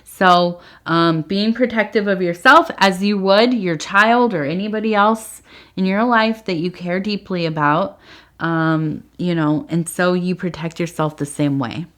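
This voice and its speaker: A woman's voice: on the low side, a little slow, a bit bright. A woman reading tea leaves for her viewers, rambling and hesitant, earnest and affectionate, close to tears. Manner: rambling and hesitant, many fillers. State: emotional, on the verge of tears. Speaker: tea leaf reader. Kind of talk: casual spoken sign-off to viewers.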